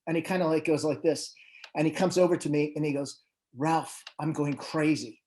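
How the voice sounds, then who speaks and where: A man's voice: a little high, fairly even intonation, quick pace, darkish tone. Chatty man telling stories, full of fillers. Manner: storytelling, with frequent fillers and restarts. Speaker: music manager and panel moderator. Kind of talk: conversational panel introduction.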